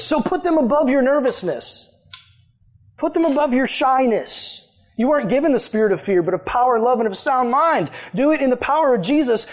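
A man's voice: extremely high pitch, very animated, normal speed. A young adult man, a youth pastor, preaching a conversational, emphatic sermon to a youth group.

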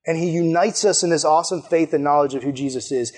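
A man's voice: on the high side, fast talker. A man preaching a casual sermon to young people, enthusiastic and chatty, often saying "like" and "man". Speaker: youth pastor.

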